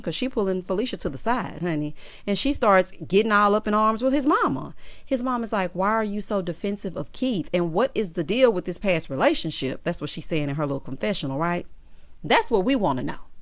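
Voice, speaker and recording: A woman from the American South with a Southern accent, casually recapping a reality show in a sassy, expressive way. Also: mid-range voice, dry recording. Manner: sassy, expressive, quick to react with laughter and asides.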